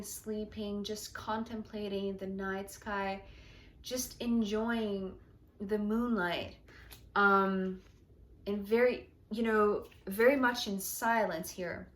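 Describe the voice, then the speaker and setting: A woman doing a tarot reading, speaking slowly and softly, often sinking to a near whisper. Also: medium pitch. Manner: slow, soft and dreamy, often dropping to a near whisper. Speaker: tarot reader. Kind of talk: intuitive tarot reading monologue.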